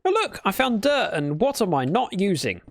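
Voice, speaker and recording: A British man with a high, sing-song voice and some vocal fry talks at a normal speed while livestreaming a game. His casual gameplay chat rambles playfully, and he keeps correcting himself along the way.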